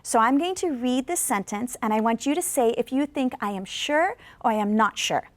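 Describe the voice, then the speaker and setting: A woman teaching an English lesson in a scripted classroom style, encouraging viewers to answer and modeling sentences slowly for them to repeat. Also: a little high, expressive, no room sound. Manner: slow, carefully drawn-out model sentences for repetition; encouraging, coaxes replies from viewers. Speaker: ESL teacher. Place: studio.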